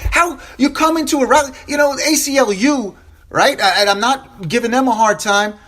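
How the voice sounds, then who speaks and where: A man's voice: very high-pitched, moderate pace, a bit bright. A man hosting a solo opinion podcast, upset and impassioned, repeating phrases for emphasis and stumbling over restarts. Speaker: podcast host.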